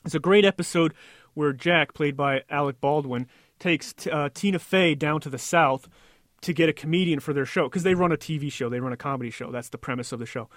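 Sarcastic young guy on talk radio, high voice, rattles it off fast, dry booth sound. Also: a bit bright, dry recording. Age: young adult. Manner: sarcastic, mocking. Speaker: co-host. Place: studio booth.

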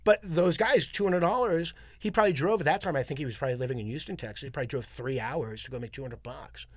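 A man from Long Island, a comedian guest, telling lively anecdotes and acting out the people in them in a casual interview. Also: a little high, fast talker, no room sound. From Long Island, New York. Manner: animated anecdotes with acted-out quotes.

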